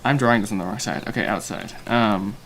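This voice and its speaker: A man's voice: fairly low pitch, fast talker, vocal fry, fairly bright tone, slight background noise. A young man hosting a casual livestream while storyboarding, thinking aloud with self-mocking asides and many fillers. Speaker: animator and livestream host.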